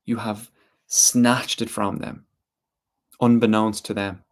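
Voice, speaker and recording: A man voicing a female water spirit in a storytelling piece, speaking in a hushed, repeating, reproachful way. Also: fairly low pitch, little pitch movement, slow pace.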